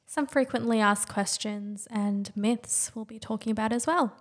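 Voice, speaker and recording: A woman's voice: on the high side, normal speed. A woman with an Australian accent, co-hosting a podcast in a casual, upbeat chat. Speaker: podcast co-host.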